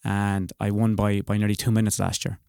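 An Irish man talks easily as a podcast guest, modest and unhurried, with plenty of ums. His voice sits low. The sound is dry and close. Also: flat delivery, vocal fry, dark tone, clean tone, no room sound. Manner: easygoing, modest, frequent ums. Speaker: podcast guest, race winner. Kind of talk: casual interview.

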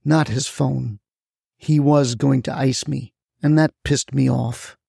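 A man narrating a first-person crime story in a terse, deadpan way. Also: medium pitch, takes it slowly, gravelly, slightly rough, dry recording, studio quality.

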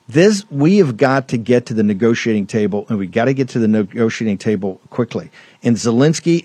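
A man's voice: mid-range voice, a little mellow, no echo. Combative man ranting on a talk show. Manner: emphatic, combative, rambling with restarts. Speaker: show host. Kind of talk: political talk show rant.

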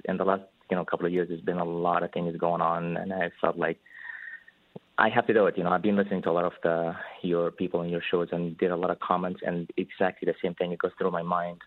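A man calling in to a radio show for the first time, speaking in a hesitant, halting way. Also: low-pitched, little pitch movement, no room sound. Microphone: telephone. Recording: tinny phone line.

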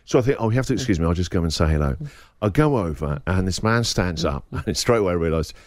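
A middle-aged English man hosting a breakfast radio show, telling an embarrassing anecdote with lively laughter. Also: low voice, fast, no echo. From England. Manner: animated storyteller, laughs through his own anecdote.

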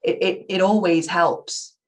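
A woman's voice: fairly low pitch, fairly even intonation, slow. A young adult woman, an improv performer, talking chattily and animatedly in a casual interview, with self-mocking humor.

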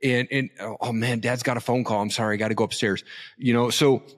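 A man's voice: medium pitch, steady tone, fast. A man in his thirties, an entrepreneur and father, speaking earnestly as a guest in a casual interview and often dropping in the word "man".

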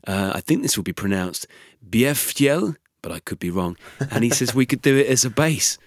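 Lively, bantering male podcast host. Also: on the low side, fairly quick, no echo, clean studio sound. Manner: bantering, reads listener messages aloud. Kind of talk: casual podcast chat.

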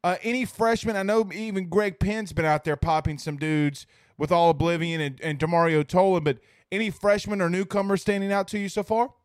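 Male sports host, chatty and upbeat, slightly high smooth voice, dry close mic. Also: steady tone, a little fast, dry recording. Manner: chatty, enthusiastic. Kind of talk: casual interview.

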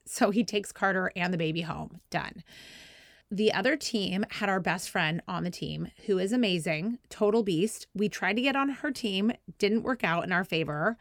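Female podcast host, 30s, chatty and self-deprecating, bursts into shouted quotes, dry close sound. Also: mid-range voice, normal speed, no room sound. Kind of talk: casual storytelling.

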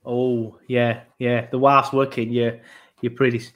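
A man's voice: mid-range voice, little pitch movement, a little slow, a bit bright. A young man hosting a casual football podcast, rambling with frequent ums. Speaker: podcast host.

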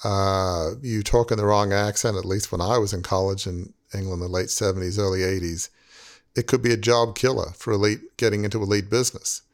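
A podcast host in his sixties talks in an earnest, rambling way during a reflective conversation, leaning heavily on "you know." His voice is lowish, fairly even in intonation, and a little fast.

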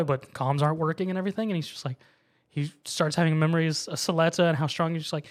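A man's voice: a little high, fairly quick. A man casually recapping an anime episode, acting out the characters' lines as he goes. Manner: animated storytelling, acts out characters' lines. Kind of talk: casual chat.

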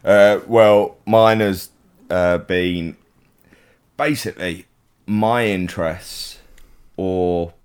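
A man co-hosting a casual podcast over a video call, relaxed and quick to laugh. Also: deep voice, smooth. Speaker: podcast co-host. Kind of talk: casual chat.

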